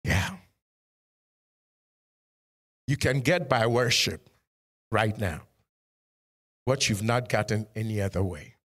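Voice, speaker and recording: Animated male pastor preaching a sermon. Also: lowish voice, slow, pauses often. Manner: preaching with repeated "Amen" and direct questions to the congregation.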